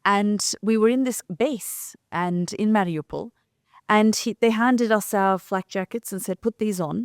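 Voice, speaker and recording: Woman, journalist co-host, animated storytelling, acts out quoted dialogue, dry close mic. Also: mid-range voice, a little slow, clear, resonant tone, dry recording. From came from London. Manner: vivid storytelling, quoting others in dialogue. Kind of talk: casual storytelling conversation.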